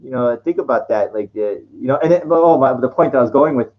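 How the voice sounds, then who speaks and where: A man's voice: medium pitch, animated, fairly quick. Rambling man on a lo-fi vlog mic. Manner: rambling, lots of fillers and restarts, laughs at own jokes. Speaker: vlogger. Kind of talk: rambling casual monologue.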